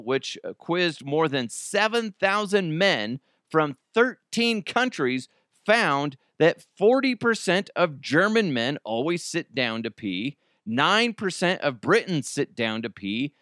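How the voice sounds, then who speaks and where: A man's voice: a little high, big pitch swings, slow pace, fairly bright tone, no echo, studio quality. A man hosting a casual podcast from home, rambling, joking and riffing. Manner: rambling, jokey, riffing into silly voices. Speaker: podcast host. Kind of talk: casual solo podcast chat. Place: home basement.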